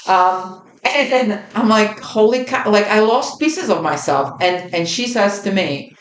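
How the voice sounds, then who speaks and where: Woman in her 50s, earnest reflective storyteller, mid pitch, echoey room. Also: expressive, measured pace. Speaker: podcast co-host. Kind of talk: casual chat.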